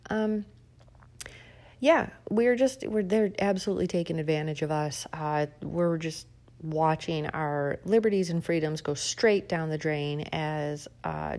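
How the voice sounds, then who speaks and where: A woman with a slightly low voice hosts her own podcast in a loose, chatty monologue. She leans hard into sarcasm and scattered fillers, and her pitch swings up sharply when she mocks. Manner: sarcastic, animated, lots of fillers. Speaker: podcast host. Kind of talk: casual opinion monologue.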